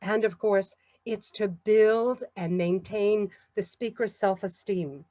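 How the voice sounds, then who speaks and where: A woman with a New York accent giving a measured, encouraging talk on public speaking. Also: mid-range voice, warm tone, no echo. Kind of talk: instructional talk.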